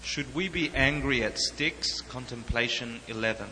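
A man reading a verse text aloud in a formal, measured way. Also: mid-range voice, pushed and bright. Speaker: verse reader. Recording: reverberant hall with faint noise.

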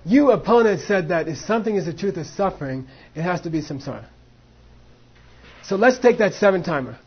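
A husky, high-pitched man leads a class, acting out both sides of a debate and dropping in Tibetan phrases. The recording sounds dull and lo-fi. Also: animated, a little fast. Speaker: Buddhist philosophy teacher. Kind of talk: teaching a class on monastic debate.

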